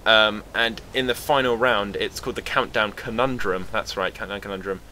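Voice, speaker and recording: A young Englishman with a British accent rambles through a casual vlog, sarcastic and swearing freely. His voice sits fairly low yet sounds bright and forceful, with a faint hiss of background noise in the room. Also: fairly even intonation, normal speed. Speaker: vlogger.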